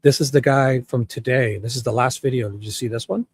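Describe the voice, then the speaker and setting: Husky-voiced easygoing man. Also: medium pitch, steady tone, a little fast, darkish tone. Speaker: co-host of true crime live stream. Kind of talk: casual live chat.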